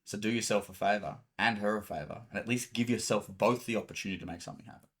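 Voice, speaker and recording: A man's voice: on the low side, quick pace, a bit bright. A man coaching on dating in casual talk, blunt and swearing freely, explaining with acted-out examples.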